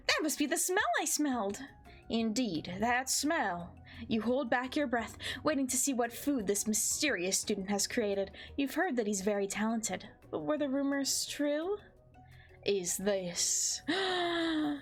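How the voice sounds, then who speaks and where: Young woman streamer, giggly, reads the game's narration over soft music. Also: high-pitched, slow pace. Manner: giggly, excitable, joking. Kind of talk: game playthrough with narration and commentary.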